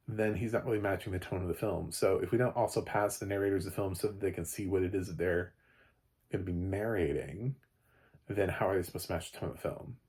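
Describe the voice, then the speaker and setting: A man giving a casual, rambling spoken film review, often restarting and jumping up in pitch when animated. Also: slightly rough.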